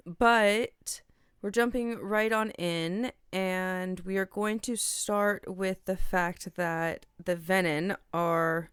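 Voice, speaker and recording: A woman's voice: mid-range voice, smooth, no room sound, clean studio sound. A woman co-hosting a podcast, chatting casually about a book, correcting herself and laughing at her own slips. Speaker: podcast co-host.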